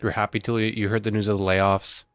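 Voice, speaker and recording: A man's voice: lowish voice, little pitch movement, fast, clear, resonant tone, no room sound, faint music behind. A young man streaming a game and chatting casually with viewers, sighing and emotional, on the verge of tears. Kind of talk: casual live-stream chat.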